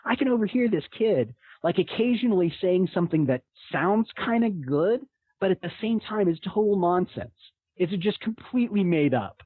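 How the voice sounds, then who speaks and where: A man telling a tabletop gaming story in a casual, animated way, often laughing. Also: sits high, moderate pace, breathy edge, dry recording. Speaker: podcast guest; game master telling a story. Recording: tinny phone-like line.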